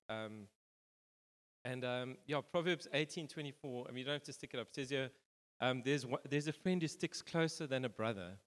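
A man's voice: mid-range voice, moderate pace. A man preaching a casual, rambling sermon, full of fillers and restarts. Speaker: pastor. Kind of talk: conversational sermon. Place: church hall. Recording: reverberant church hall.

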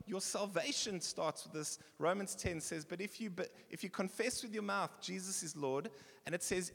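Male pastor, high lively voice, gravelly edge, sermon style, bursts of shouting, reverberant church hall. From South Africa. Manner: animated preaching with bursts of shouting.

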